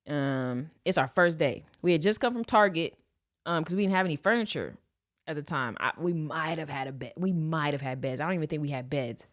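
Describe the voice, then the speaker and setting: A woman in her late twenties from Los Angeles, telling a personal story on a podcast in a slangy, animated way and acting out the scenes. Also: deep voice, a little fast. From Los Angeles, USA. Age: 20s. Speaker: podcast host. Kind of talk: casual storytelling.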